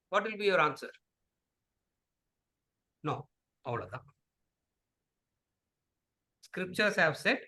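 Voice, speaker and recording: Bright-voiced man. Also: a little high, animated, normal speed, long pauses, poor audio. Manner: repetitive, asks the audience rhetorical questions. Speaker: Vedanta teacher. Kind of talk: lecture with questions and answers.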